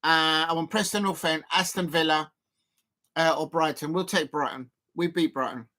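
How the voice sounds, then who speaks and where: Excitable man reacting live, bright tone. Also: on the high side, moderate pace. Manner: excitable, swings from joking to despairing outbursts. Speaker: football fan channel host. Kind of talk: live watch-along reaction.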